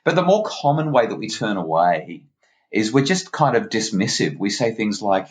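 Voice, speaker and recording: A low-pitched man explains things in a lively, emphatic way, often stumbling over and repeating his first words. He talks as a guest on a conversational podcast. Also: moderate pace. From Australia. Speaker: parenting expert guest.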